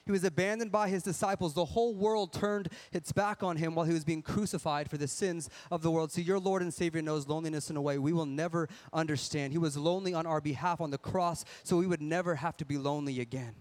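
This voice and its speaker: A man preaching a sermon with a slightly higher voice than most men. He talks in an earnest, conversational way, with lots of rhetorical questions. Now and then he acts out people's excuses in a whiny tone. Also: fairly even intonation, quick pace, few pauses, a little mellow.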